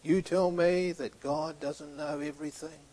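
A man preaching a sermon, retelling a story and acting out the dialogue, sometimes dropping to a hushed near-whisper. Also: on the high side, fairly even intonation, unhurried.

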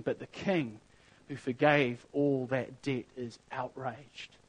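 A man's voice: mid-range voice, fairly even intonation, takes it slowly, breathy edge, poor audio. A man preaching a sermon in an earnest, emphatic way, reading scripture aloud and repeating phrases as he builds a point.

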